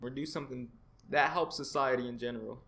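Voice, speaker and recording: A man's voice: mid-range voice, fairly even intonation, fast talker, fairly bright tone. A man hosting an interview, asking open, thoughtful questions in an attentive way. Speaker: interviewer, host.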